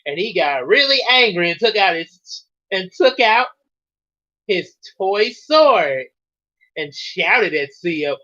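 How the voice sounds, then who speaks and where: A man's voice: high voice, sing-song, slow, sharp tone. A man casually reading a story aloud and chatting about it, giggling and rambling as he goes. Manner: giggly, rambling, laughs often. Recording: dull lo-fi recording.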